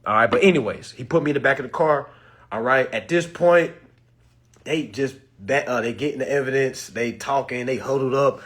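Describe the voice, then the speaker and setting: A man telling a personal story to his viewers in a casual, animated, profane way, calling them y'all. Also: mid-range voice, moderate pace. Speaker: vlogger.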